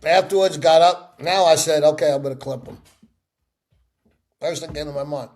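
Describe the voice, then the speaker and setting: A middle-aged man in a sit-down interview, telling stories with lively acted-out voices. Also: on the high side, moderate pace. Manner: animated storyteller acting out quoted voices. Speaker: interview guest.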